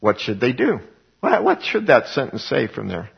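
Gravelly male preacher teaching scripture, slightly husky, dull lo-fi sound. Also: medium pitch, sing-song, normal speed. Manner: reads scripture, acts out voices of people. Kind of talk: Bible teaching. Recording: dull lo-fi recording.

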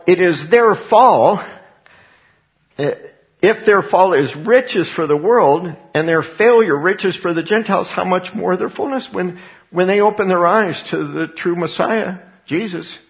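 A man preaching a sermon in a conversational way, reading scripture aloud and acting out little dialogues. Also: a little high. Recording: dull lo-fi sound.

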